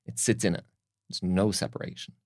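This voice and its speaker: A man with a low, gravelly voice explains breathing as a guest on a podcast. He talks in a calm, teaching manner. The sound is close and dry, with no room echo. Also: brisk. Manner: calm, instructive, tells anecdotes. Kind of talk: explanatory interview talk.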